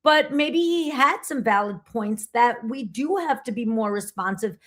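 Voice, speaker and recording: Direct, fairly high-voiced woman co-host. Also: animated, a little slow. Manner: direct, pushes for practical examples. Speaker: podcast co-host and reading teacher. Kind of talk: conversational podcast discussion.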